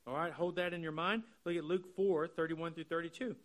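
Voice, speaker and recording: A man with a notably high voice preaching an expository sermon. He talks earnestly and walks through the text line by line. He draws out key phrases slowly for emphasis. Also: fairly even intonation. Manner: earnest, explanatory, slows down to stress key phrases. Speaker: pastor.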